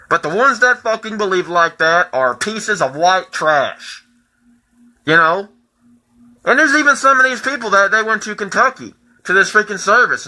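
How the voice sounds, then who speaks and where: A man in his twenties in a profane, heated personal rant that keeps rising into shouting. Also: high voice, low-quality recording. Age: 20s.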